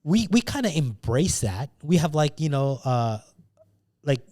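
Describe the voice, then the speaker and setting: A man's voice: on the high side, big pitch swings, unhurried, a little mellow, dry recording, studio quality. A man co-hosting a casual podcast chat, talking emphatically with plenty of swearing and restarts. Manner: emphatic, swears freely, repeats words when starting sentences. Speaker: podcast co-host.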